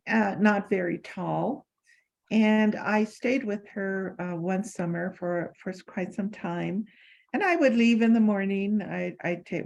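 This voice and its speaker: A woman's voice: mid-range voice, vocal fry, rough recording. Older woman telling fond anecdotes. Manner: warm anecdotal, many fillers and restarts. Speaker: former assistant sharing memories. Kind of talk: lecture Q&A storytelling.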